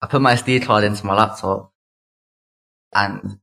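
A man in his twenties with a London accent, a podcast guest telling a story in fast, slangy chatter full of "like" and "mate". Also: lowish voice, steady tone, creaky, sharp tone. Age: 20s. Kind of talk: casual storytelling.

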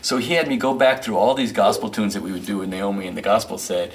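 A middle-aged male musician and producer, a guest in an interview, who tells stories in a rambling, animated way with plenty of fillers. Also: fairly low pitch, quick pace. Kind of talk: casual storytelling interview. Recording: distant mic with faint noise.

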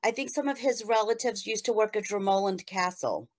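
A woman's voice: mid-range voice, brisk. A woman co-hosting an interview, telling a fond memory in a rambling, emotional way. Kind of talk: casual interview chat.

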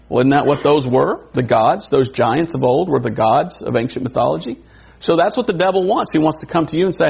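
A man preaching a sermon in a conversational way, wondering aloud and adding quick asides. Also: mid-range voice, lively intonation, vocal fry, darkish tone, slightly rough. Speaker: pastor. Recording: dull lo-fi recording.

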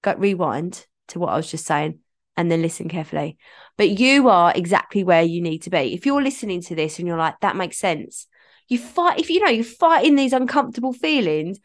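Woman, solo podcast host; chatty, rambling delivery with self-corrections. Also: medium pitch. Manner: chatty, rambling, self-interrupting, laughs at herself.

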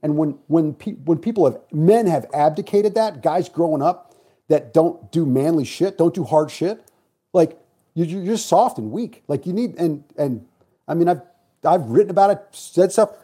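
Blunt middle-aged man, dark husky tone, quick profane storyteller. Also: fairly high pitch, lively intonation. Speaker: podcast guest. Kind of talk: casual storytelling chat.

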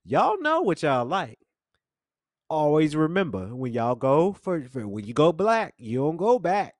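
A man's voice: a little high, huge pitch swings, unhurried, no echo. A young man hosting a podcast, telling a rambling, jokey story full of slang. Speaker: podcast host. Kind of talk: casual storytelling monologue. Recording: dry close studio mic.

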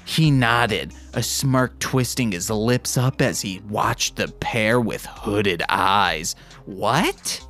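A man's voice: on the low side, slow, few pauses, fairly bright tone, faint music behind. A man hosting a podcast, reading fan fiction aloud and breaking off for wry, self-mocking comments. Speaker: podcast host.

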